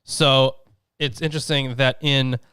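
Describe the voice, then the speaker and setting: Man, chatty co-host, smooth clear voice, halting explainer with fillers, dry close sound. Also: mid-range voice, flat delivery, bright, forceful tone, dry recording. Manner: hesitant, many filler sounds while explaining. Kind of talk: casual chat and commentary on a text.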